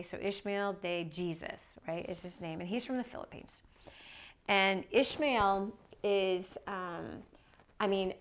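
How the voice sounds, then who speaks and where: A woman telling a story in a lively, chatty way to an audience, often adding "like" and "right?" as she goes. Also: medium pitch. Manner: animated, chatty, many "like" and "right?" asides. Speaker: motivational speaker. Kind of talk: storytelling talk.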